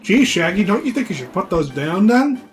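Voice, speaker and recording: A man's voice: high-pitched, sing-song, moderate pace, soft background music. A man voicing a sensible young male cartoon leader in a level, patient tone.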